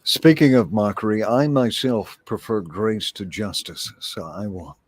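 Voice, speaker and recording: A man's voice: lowish voice, unhurried, no echo. A man bantering on a livestream with dry, wry teasing. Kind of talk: casual banter on a call.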